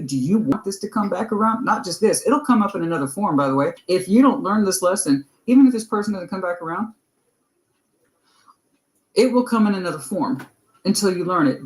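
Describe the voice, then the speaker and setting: A man giving a tarot reading on a livestream, fired up and blunt, with profanity scattered through his advice. His voice sits somewhat high. The room around him is reverberant and hollow. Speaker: tarot reader. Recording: echoey room.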